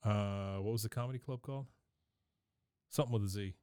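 A man's voice: fairly low pitch, fairly quick, warm tone, smooth, dry recording, clean studio sound. A man co-hosting a podcast, casually retelling cartoon scenes and briefly mimicking the characters. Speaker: podcast co-host. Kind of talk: casual episode recap chat.

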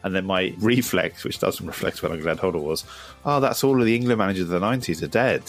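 Male host, very low gravelly voice, lively delivery, chatty, self-mocking. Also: fast, faint music behind. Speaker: podcast host. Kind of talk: casual chat.

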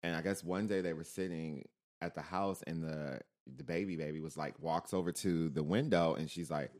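A man's voice: rumbling low, moderate pace. A man in casual conversation, telling family stories and acting out the voices of the people he quotes. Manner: animated storyteller who acts out quoted relatives. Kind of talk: casual chat.

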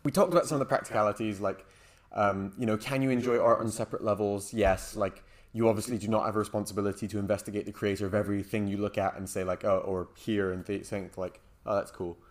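Low-voiced man musing on ethics. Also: fairly even intonation, fast. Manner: thoughtful, hedging, frequent "like" and "um". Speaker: podcast co-host. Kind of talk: casual philosophical discussion.

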